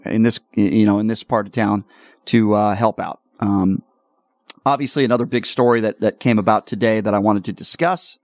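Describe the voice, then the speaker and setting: A man hosting a political talk radio show, speaking combatively and slowing down to stress his points. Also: mid-range voice, no room sound, studio quality. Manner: combative, slows down for emphasis.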